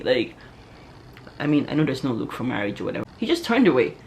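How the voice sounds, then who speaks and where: A young adult woman vlogger telling a personal story in an animated, chatty way, peppered with "like" and "yo.". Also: low-pitched, moderate pace, creaky, long pauses, slight background noise. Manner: animated, chatty, heavy use of "like" and "yo". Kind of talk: casual storytelling to camera.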